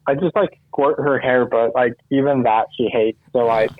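A man's voice: medium pitch, moderate pace, phone-quality sound. A man joining a casual podcast chat, talking loosely with lots of "like". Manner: chatty, lots of "like".

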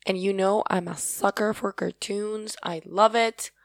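Slow, gravelly Paraguayan woman. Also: medium pitch, steady tone, no room sound. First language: Spanish. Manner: rambling, earnest and effusive. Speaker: podcast host. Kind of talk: casual solo talk.

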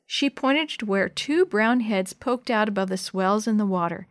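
A woman reading a chapter book aloud to children, slow and clear. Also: medium pitch, dry recording, studio quality. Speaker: children's storyteller.

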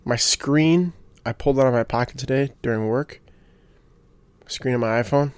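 A man's voice: medium pitch, moderate pace, clean tone, no echo. A young man hosting a casual solo podcast, rambling with lots of fillers and restarts and getting fired up about sports. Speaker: podcast host.

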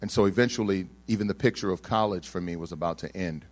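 A young man with a deep voice tells a personal story to an audience at a quick pace. He's an animated storyteller, acting out the people involved and joking with the crowd.

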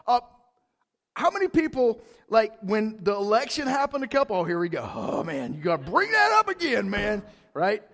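High-voiced, animated male pastor preaching. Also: normal speed. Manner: conversational, keeps asking "right?"; animated, rises loud for emphasis. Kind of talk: casual sermon.

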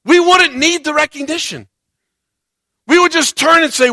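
High-voiced, animated preaching man. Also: normal speed, long pauses, no room sound. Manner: animated preaching, acts out quoted voices, swings loud and soft. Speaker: pastor. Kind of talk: sermon.

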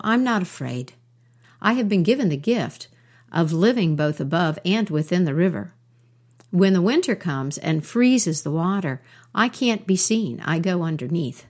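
Woman voicing a wise, patient old frog. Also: fairly low pitch. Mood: welcoming. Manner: gentle and instructive.

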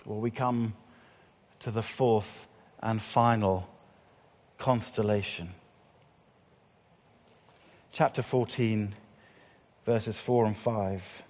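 A man preaching a sermon, swinging between loud appeals and hushed, slow passages. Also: fairly low pitch, steady tone. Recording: long hall reverb.

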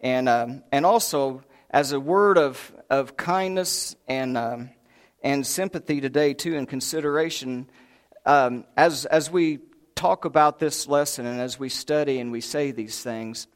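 A man with a medium-pitched voice and a slightly slow delivery preaches a sermon in a church sanctuary. He's a folksy storyteller who fills it with humorous anecdotes, acting out voices and chuckling.

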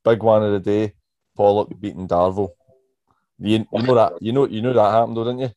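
A man's voice: on the low side, flat delivery, brisk, warm tone, no echo, highs cut off. A hungover Scottish man hosting a casual sports podcast from his bedroom, bantering and swearing. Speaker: podcast host. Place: bedroom at home. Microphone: podcast microphone.

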